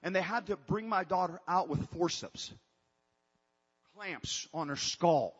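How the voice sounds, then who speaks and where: A man's voice: high voice, measured pace, husky, big-room sound, muffled recording. A man preaching a sermon to his congregation in an emphatic way, breaking off and restarting as he calls out to them. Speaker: pastor.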